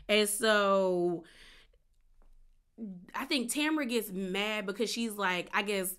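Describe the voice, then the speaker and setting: A woman's voice: mid-range voice, slow pace, pauses often, fairly bright tone, smooth. A woman giving a casual, sassy recap of a reality show, chatty and playful. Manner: chatty and sassy, acts out quotes with gasps and laughs.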